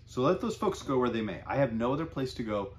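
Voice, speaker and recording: A man's voice: medium pitch, very animated, fast, a little hiss or hum, lightly acted. A man reading as Araz, a defiant proud fisherman. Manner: firm, impassioned declaring.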